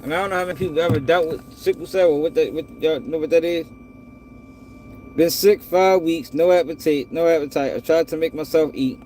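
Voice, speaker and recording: A man talks straight to his viewers in a casual, profane rant. His voice sits fairly high for a man, and a light hiss of noise runs underneath. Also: a little fast, darkish tone. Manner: blunt, profane, addresses viewers as y'all. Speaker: commentator reacting to news clips. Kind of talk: casual commentary.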